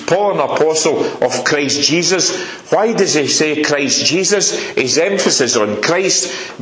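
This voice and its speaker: A man preaches a sermon in a church hall, earnest and fond of repeating his key phrases. His voice sits a little high. The room around him rings with echo. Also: a bit bright. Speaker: lay preacher.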